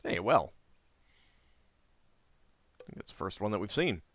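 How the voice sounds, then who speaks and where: A man's voice: lowish voice, unhurried, no echo. Man reading game text, dry close sound. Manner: relaxed, chatty asides. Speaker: gameplay host and narrator.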